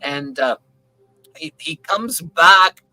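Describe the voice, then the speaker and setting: A man with a fairly high, bright and forceful voice tells a rambling story on a video call. He talks in a loose, animated way and keeps checking in with the listener. The sound is dry and close, with no room echo. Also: drawn-out words. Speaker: open panel participant. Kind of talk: casual storytelling.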